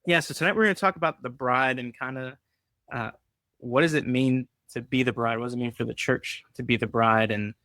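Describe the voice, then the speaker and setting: A man's voice: mid-range voice, fairly quick, bright, forceful tone. A man hosting an unscripted live chat in an easygoing, rambling way, cracking small jokes as he goes. His voice sits mid-range, and the sound is dry and close with no room echo. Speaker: podcast co-host. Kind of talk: casual live-stream chat.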